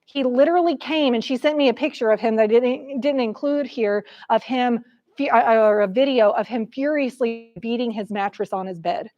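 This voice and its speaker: Middle-aged female therapist presenter, slightly high voice, lively storyteller who talks straight to the room. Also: moderate pace, muffled recording. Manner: animated retelling of a session with a child, addresses the audience directly.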